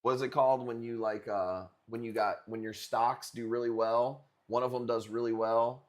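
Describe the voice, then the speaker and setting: Speaking at a moderate pace with medium pitch and fairly even intonation, a young man runs a coral auction on a live stream. He keeps things casual, rambling and joking crudely with the chat.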